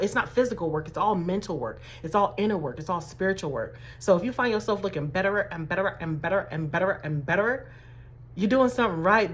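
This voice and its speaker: A woman life coach giving a chatty, animated motivational talk to camera, calling her viewers y'all and baby. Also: on the low side.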